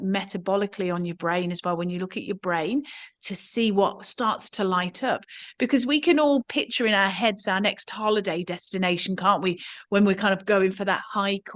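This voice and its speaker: A woman with an Australian accent hosting a podcast conversation, explaining at length and ending her points with tag questions. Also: mid-range voice. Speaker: podcast host.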